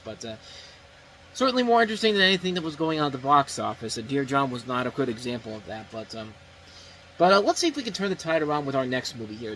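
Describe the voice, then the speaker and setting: A man's voice: medium pitch, a bit bright, slight background noise, poor audio. A man hosting a casual movie review show, seated, talking in a rambling way with many fillers and restarts. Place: indoors, seated.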